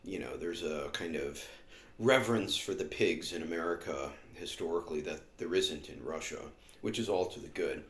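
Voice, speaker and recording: Man, lowish voice, sardonic rambling vlogger, lots of "you know" fillers, echoey room. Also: moderate pace. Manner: sardonic, filler-heavy, meandering. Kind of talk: rambling casual monologue.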